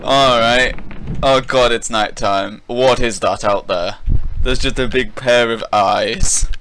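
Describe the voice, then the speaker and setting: A man giving playful, excitable let's play commentary while gaming with a friend. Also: medium pitch, slow, a little hiss or hum. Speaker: gamer playing with a friend.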